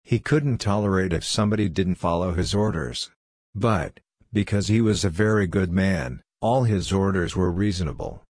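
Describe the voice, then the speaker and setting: Man narrating a storybook, measured. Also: sits low, a little mellow, dry recording. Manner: measured, simple reading.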